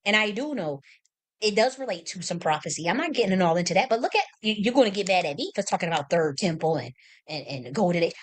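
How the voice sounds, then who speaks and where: An American woman hosting a livestream, talking off the cuff in a blunt, profane, impassioned way, rambling and restarting her sentences. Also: mid-range voice. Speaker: livestream host. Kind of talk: unscripted livestream monologue.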